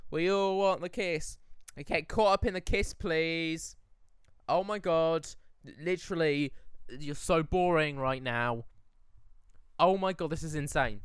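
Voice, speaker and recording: A man giving excitable, casual reaction commentary to a movie, talking back to the screen and humming along. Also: fairly high pitch, smooth, no room sound.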